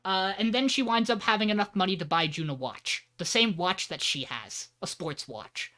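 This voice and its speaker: A man's voice: high voice, moderate pace, sharp tone. A man co-hosting a podcast, giving a loose, joking plot recap and swearing freely. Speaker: podcast co-host.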